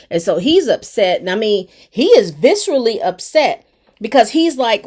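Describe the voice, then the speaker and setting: Woman, slightly high voice, casual TV recap, chatty, talks to viewers. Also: sing-song, moderate pace, darkish tone, slightly rough. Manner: chatty and colloquial, addressing viewers directly. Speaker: TV show reviewer. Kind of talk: casual episode recap and review.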